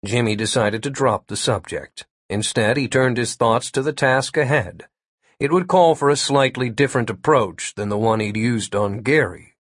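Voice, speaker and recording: Husky-voiced male audiobook narrator. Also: mid-range voice, moderate pace, no room sound, studio quality. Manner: steady storytelling delivery. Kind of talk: scripted narration.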